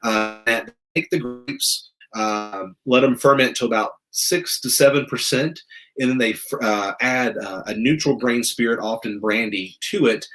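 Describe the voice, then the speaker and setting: A man's voice: medium pitch, unhurried, fairly bright tone, faint music behind. A man from the American South hosting a casual wine show, explaining with rambling restarts and jokey asides.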